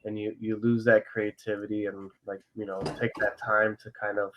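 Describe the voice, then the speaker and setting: This young man, co-hosting a laid-back podcast, talks candidly about how he feels at a moderate pace, his lowish, slightly bright voice showing little pitch movement. Slight background noise is present, and his speech wanders, full of fillers and swear words.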